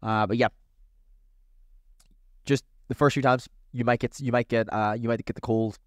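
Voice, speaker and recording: A man hosting a casual advice podcast as a coach, talking in an energetic, chatty, motivational way. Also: medium pitch, normal speed, no room sound, clean studio sound.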